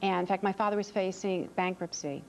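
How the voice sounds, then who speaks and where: A woman's voice: mid-range voice, steady tone, brisk, a little hiss or hum, poor audio. A woman author answering interview questions on a TV show in an earnest, reassuring way, often repeating words as she thinks. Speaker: author and parenting expert guest.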